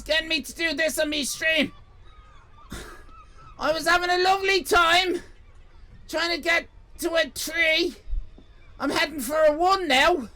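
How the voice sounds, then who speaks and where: An Irish man livestreaming, shouting and swearing in a comic rant. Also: extremely high pitch, unhurried, long pauses. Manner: loud, profane ranting and shouting; comic exasperation. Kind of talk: live stream chat.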